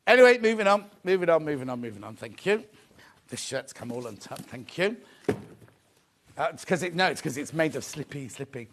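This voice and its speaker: A man hosting a live shopping show, chatty and excitable, often repeating his phrases. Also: on the high side, moderate pace, long pauses, background noise. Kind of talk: live sales presentation.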